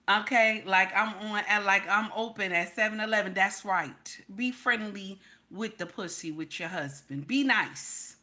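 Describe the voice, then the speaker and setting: This livestream host, who advises women, has a medium-pitched voice, a measured pace with hardly any pauses, and a sharp tone. She addresses her chat, reads names aloud, and delivers blunt, preachy advice, repeating points for emphasis.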